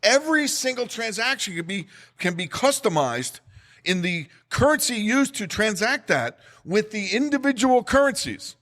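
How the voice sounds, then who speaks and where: A middle-aged man with a New Jersey accent delivers a solo economics talk, urgent and emphatic. His voice sits a little high for a man, and he hammers home figures by repeating them. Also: big pitch swings, normal speed, a bit bright. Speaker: podcast host.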